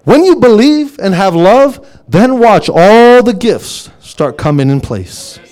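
A man's voice: high voice, big pitch swings, slow pace, darkish tone. A man preaching a sermon with an impassioned, repetitive cadence. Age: adult with young sons.

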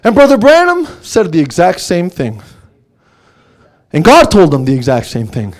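A man's voice: high-pitched, wildly swooping pitch, moderate pace. A man preaching a sermon with an impassioned, repetitive cadence. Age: adult with young sons.

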